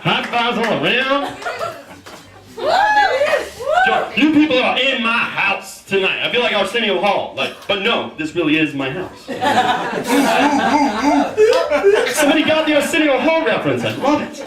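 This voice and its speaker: A man in his thirties hosting stand-up comedy at a house party, joking loudly and bantering with the crowd. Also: very high-pitched, very animated, a little slow. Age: 30s. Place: large room in a house, with a live audience. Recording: roomy, distant mic, loud crowd.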